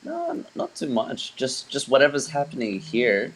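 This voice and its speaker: On a podcast, a young man who plays in a band talks casually in a mild Australian accent, drifting along with many fillers. He has a husky, medium-pitched voice at a moderate pace, and the recording quality is low.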